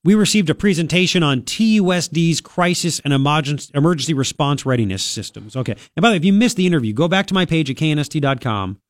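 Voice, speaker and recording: Sniffly talk radio host, dry studio sound. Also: male voice, a little high, animated, fast, few pauses, no echo. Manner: sarcastic, chatty, reads news aloud with asides. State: stuffy, sniffling from a cold. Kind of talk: casual talk radio commentary. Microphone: studio microphone.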